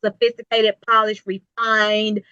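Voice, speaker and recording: Interview guest: woman, business owner, bright, dry dull lo-fi sound, emphatic motivational delivery. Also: mid-range voice, level tone, a little slow, smooth, dry recording. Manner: emphatic, repetitive, preachy motivational. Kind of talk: casual interview talk.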